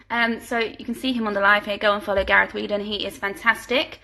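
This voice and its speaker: A musical theatre performer hosts a casual live fan Q&A indoors at home, holding her phone at arm's length. She reads out questions, chats, giggles, and coos at her dogs. Her mid-range voice is bright and forceful with vocal fry, a steady tone, a quick pace, and hardly any pauses.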